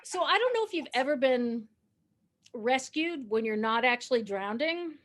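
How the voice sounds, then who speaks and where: A woman's voice: sits high, lively intonation, normal speed, fairly bright tone. A woman in her fifties doing stand-up comedy, telling a long story in a conversational, self-deprecating way and chuckling as she goes.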